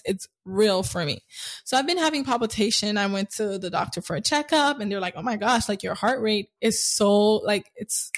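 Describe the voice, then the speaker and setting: A woman in her twenties chatting casually, telling stories and acting out the voices of people in them. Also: mid-range voice. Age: 20s. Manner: animated storyteller, acts out quotes. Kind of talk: casual chat.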